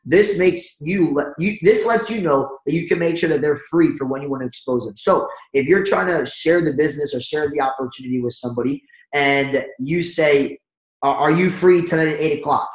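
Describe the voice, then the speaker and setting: Energetic man coaching, echoey room. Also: fairly high pitch, brisk. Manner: energetic, coaching, acts out phone calls. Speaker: network marketing trainer. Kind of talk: motivational training talk.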